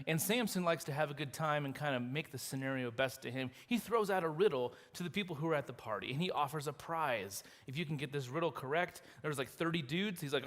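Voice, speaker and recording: A fairly high-voiced man preaches to his church, telling the story with animated energy and little acted lines. His voice rings out with a long hall reverb around it. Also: fairly quick, few pauses. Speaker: pastor. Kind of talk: sermon. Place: church sanctuary.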